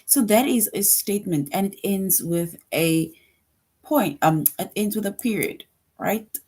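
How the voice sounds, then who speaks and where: Slow, patient woman teaching young children. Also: medium pitch, darkish tone, slightly rough. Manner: slow, patient, repeats points with frequent "right?". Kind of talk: online lesson for young children.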